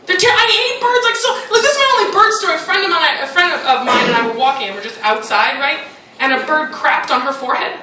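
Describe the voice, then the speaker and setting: A woman performing a stand-up comedy set on a club stage, animated and teasing. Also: sits high, quick pace. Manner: animated, teasing, playful put-on voices. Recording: roomy live club recording from a distance, loud noise.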